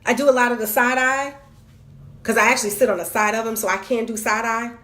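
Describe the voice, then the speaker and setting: A woman's voice: a little high, steady tone, fast talker, a bit bright. Exasperated woman venting to camera. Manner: candid, exasperated, repeats herself, stammering restarts. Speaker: vlogger.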